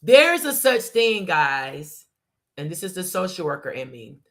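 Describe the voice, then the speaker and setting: A woman's voice: fairly low pitch, very animated, unhurried. A woman hosting a casual live talk, speaking emphatically and repeating her points, calling her listeners y'all. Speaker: host.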